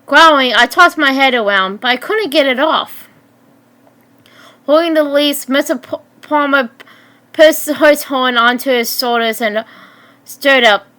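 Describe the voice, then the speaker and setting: A woman in her twenties reading her own story aloud in a halting way, often stumbling and restarting words. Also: high-pitched, sharp tone. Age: 20s. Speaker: story narrator.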